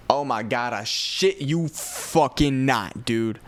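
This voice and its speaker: A young man from Chicago with a Chicago accent, telling a profane, animated story on a podcast. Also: lowish voice, slow pace, hardly any pauses, clean tone. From north side of Chicago. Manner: profane, animated retelling with quoted voices. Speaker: podcast host. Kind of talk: casual storytelling.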